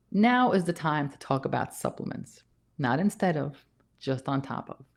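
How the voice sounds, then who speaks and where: A woman's voice: sits low, a little mellow. A woman nurse practitioner giving a casual health talk, emphatic and repeating key points, a little out of breath. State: slightly out of breath.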